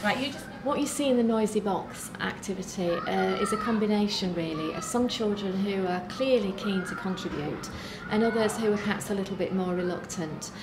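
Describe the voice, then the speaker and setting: A woman's voice: mid-range voice, recorded from a distance. A British woman teacher leading young children through a sound game, encouraging them and making animal and buzzing noises, recorded from across a classroom. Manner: encouraging, drawn out, sound effects. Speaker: primary school teacher. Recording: echoey classroom from afar, noisy.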